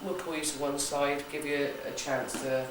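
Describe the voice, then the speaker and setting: A chatty, jokey West Country woman hosts a ghost hunt as a psychic, briefing the group at a moderate pace in a low, level voice and repeatedly checking "okay?". The far-off camera recording, made in a large echoey room of an old building, carries background noise.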